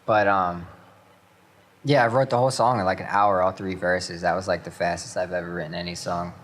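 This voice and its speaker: A man's voice: deep voice, steady tone, a little fast, fairly bright tone, slight background noise. A young man, a rapper, chatting casually about his music as a radio guest, with many fillers.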